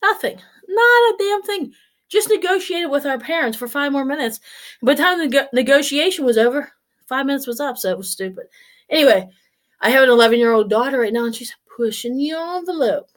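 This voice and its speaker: A woman in her forties talking casually to camera, blunt and swearing freely as she tells stories. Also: on the high side. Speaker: vlogger.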